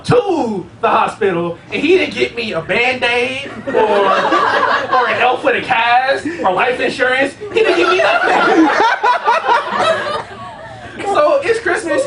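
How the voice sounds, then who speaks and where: A young man performing a casual, profane stand-up comedy set, telling rambling stories on stage. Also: very high-pitched. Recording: roomy, distant, noisy live room. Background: audience laughter.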